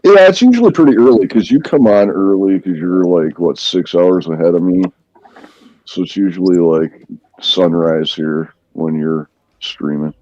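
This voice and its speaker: A laid-back man from central Wisconsin chats on a call with a very deep, mellow voice. His audio is muffled and lo-fi, dry and close. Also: normal speed, no room sound. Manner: laid-back, swears casually. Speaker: stream guest on a call. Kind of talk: casual chat.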